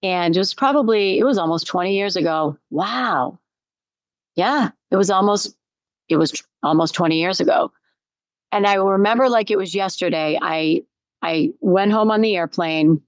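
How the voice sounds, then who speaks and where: A woman's voice: medium pitch, moderate pace, no echo, lo-fi sound. A middle-aged woman hosting a solo podcast, telling a personal story in a conversational way and repeating phrases for emphasis. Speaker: podcast host.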